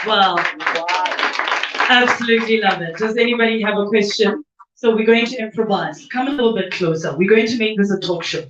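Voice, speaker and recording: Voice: medium pitch, brisk, a bit bright. An upbeat host running a live seminar in a chatty, conversational way and posing questions to the guest. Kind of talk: live event hosting. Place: seminar venue. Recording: echoey room, dull sound.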